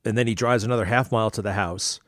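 A man's voice: on the low side, fairly even intonation, fast, no room sound, clean studio sound. A man hosting an interview, talking casually in a rambling, hesitant way with many fillers. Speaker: interview host.

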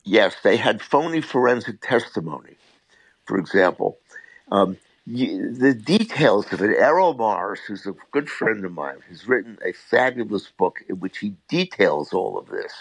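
Older man, defense attorney, low voice, dry close sound, measured, emphatic. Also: animated, slightly rough, no echo, poor audio. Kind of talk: conversational interview answers.

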